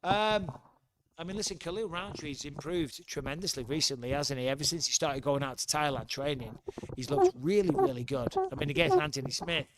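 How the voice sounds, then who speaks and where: A man's voice: on the high side, very animated, brisk, crowd noise. A middle-aged man with an English accent, hosting a casual livestream from home, chatty and blunt, swearing freely. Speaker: livestream host.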